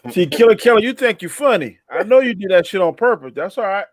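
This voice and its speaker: A man's voice: high-pitched, expressive, fast, no room sound. A man joking on a live stream, speaking in a loose, colloquial way and teasing the others. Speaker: guest co-host. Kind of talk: casual live-stream chat.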